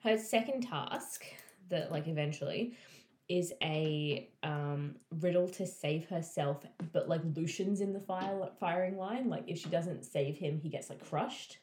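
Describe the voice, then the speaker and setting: Chatty low-voiced woman in an echoey room. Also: a little slow, a little mellow. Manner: chatty, swears freely, acts out characters' lines. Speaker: friend retelling a book. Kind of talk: casual chat.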